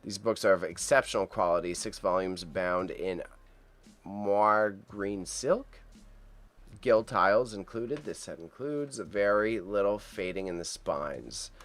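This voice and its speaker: He has a voice on the low side, animated and unhurried, with a fairly bright tone. As host of a casual livestream, he chats cheerfully with his viewers and reacts to auction items, stumbling over tricky words while reading their names.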